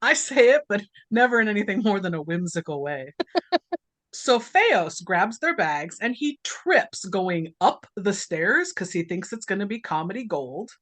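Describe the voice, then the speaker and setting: Woman podcast host, lively pitch, dry close mic, laughs through a comic movie recap. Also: measured pace, no echo. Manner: laughs often, animated storytelling. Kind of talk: casual movie recap chat.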